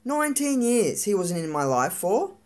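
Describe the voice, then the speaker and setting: A woman's voice: mid-range voice, big pitch swings, normal speed, darkish tone. A woman in her thirties venting angrily in a sweary, rambling monologue, acting out arguments with her family. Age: 30s. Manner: angry, sweary ranting with quoted arguments.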